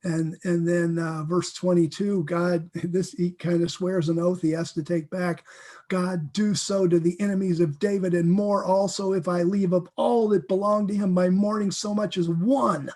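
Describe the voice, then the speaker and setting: A man with a fairly high voice leads a Bible teaching. He speaks earnestly and with feeling, often repeating words and restarting his sentences. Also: flat delivery, moderate pace, darkish tone. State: emotional.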